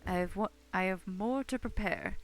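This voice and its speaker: A woman's voice: mid-range voice, normal speed, faint music behind, natural voice. A woman reading the lines of an anxious visitor searching for a missing brother, aloud from a game. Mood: earnest.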